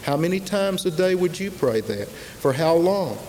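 A man preaching a sermon, slow and emphatic, with dramatic pauses and repetition. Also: high-pitched, expressive, darkish tone. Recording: long hall reverb, faint hiss.

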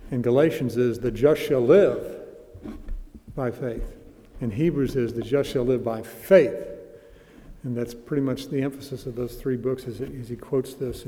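A man leads a Bible study in a very dark, mellow voice that rings with the long reverb of a large hall. He talks conversationally, stumbling into restarts, then slows right down to stress quoted scripture. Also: medium pitch. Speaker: Bible teacher.

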